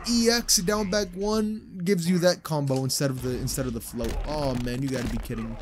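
A young man giving live commentary over a fighting game he is playing, excitable and swearing, swinging from low mutters to loud outbursts. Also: normal speed, slight background noise. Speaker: gaming channel host.

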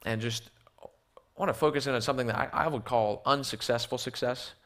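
A man's voice: medium pitch, fairly quick, fairly bright tone. A man preaching a sermon in a church with slides. He often repeats words as he restarts and asks the audience rhetorical questions. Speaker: missionary preacher.

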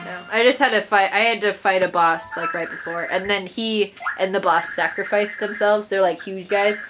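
A young woman giving casual gaming commentary, excitable and quick to swear. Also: medium pitch, music in the background, low-quality recording. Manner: excitable, swears, laughs at herself. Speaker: vlogger playing a game.

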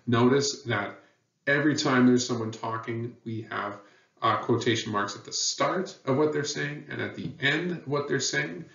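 A man's voice: medium pitch, moderate pace, vocal fry, a bit bright. A man teaching a lesson on writing rules, patient and plain, with many fillers. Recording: dull, roomy sound from a distant mic.

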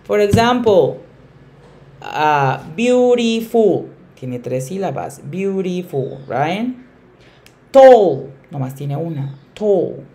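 A woman teacher explaining grammar emphatically, often repeating key words and slowing down on examples. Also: sits low, expressive, vocal fry, a little mellow. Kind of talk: bilingual classroom explanation.

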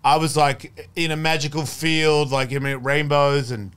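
Podcast guest, male, smooth resonant voice, lively storyteller who acts out voices, pitched a bit high. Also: a little slow. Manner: animated storyteller, acts out scared inner voices. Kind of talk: casual chat.

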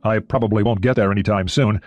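A male audiobook narrator reading the lines of a practical American submarine commander, brisk and matter-of-fact. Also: fairly low pitch, fairly even intonation, a little mellow, no echo, lo-fi sound, natural voice.

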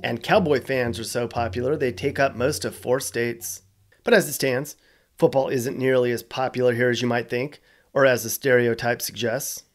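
A man's voice: medium pitch, steady tone, normal speed, soft background music. A man hosting a scripted explainer video, casual and joking with wry asides. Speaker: host.

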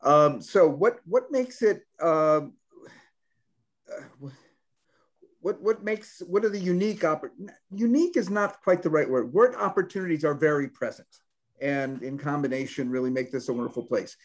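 A man answering questions on a video call, halting and correcting himself as he looks for words. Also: on the high side, lively intonation. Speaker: planning consultant answering questions. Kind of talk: meeting discussion.

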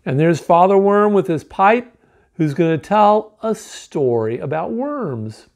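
A man reading a children's picture book aloud to kids, lively and showing the pictures as he goes. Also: high-pitched. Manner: lively, animated storytelling, pausing to show pictures.

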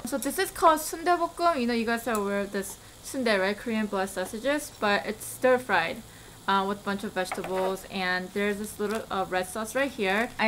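A woman's voice: medium pitch, slight background noise. A young woman hosting a casual food video, chatting and explaining the dish with frequent laughs. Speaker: host. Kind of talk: casual chat.

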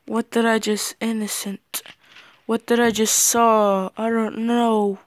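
A teenage boy giving casual commentary over a shooter game. He yelps and shouts at the game, his voice cracks when he yells, and he stumbles over fillers when he talks to his viewers. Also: high-pitched, flat delivery, slow pace, no echo. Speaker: gaming channel host. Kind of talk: gameplay commentary.

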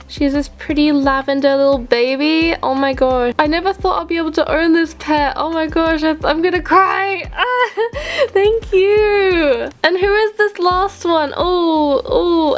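A woman vlogging as she unboxes gifts, gushing and excitable, gasping with delight. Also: sits high. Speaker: LPS collector vlogger. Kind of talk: unboxing vlog.

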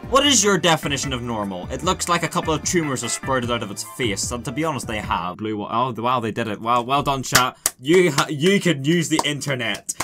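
A man's voice: medium pitch, expressive, brisk, hardly any pauses, over music. A man casually commentating a car-building game, sarcastic and swearing a lot as he mocks his own creation. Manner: sarcastic, swearing, self-mocking. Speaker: gaming YouTuber.

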